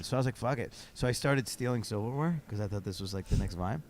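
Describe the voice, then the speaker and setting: Fast-talking man hosting a podcast, rambling. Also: lowish voice, darkish tone, slight background noise. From upstate New York. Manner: rambling storyteller, self-mocking. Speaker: podcast host. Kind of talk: casual chat. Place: convention floor.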